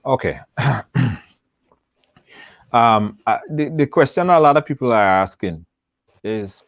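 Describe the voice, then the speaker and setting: A man hosting a live show, asking halting, hesitant questions. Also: mid-range voice, animated, no room sound.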